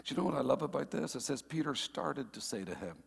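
A man preaching a sermon in church, playful and teasing with the congregation and rising to emphatic shouts. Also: mid-range voice, expressive, quick pace, gravelly, breathy edge. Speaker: pastor.

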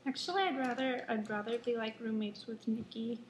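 A young woman in college chatting casually, giggly and often trailing off into soft mumbles. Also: on the high side, fairly even intonation, a little fast. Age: young adult. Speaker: college student. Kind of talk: casual chat. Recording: echoey room with clear background noise.

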